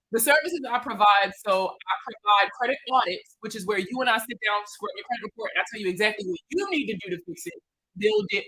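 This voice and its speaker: A Baltimore-accented woman runs a casual livestream Q&A on credit. Her voice is bright, sits a touch high and carries a husky edge. She talks in an animated, slangy way and jokes with her viewers as she goes. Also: poor audio. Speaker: credit repair consultant.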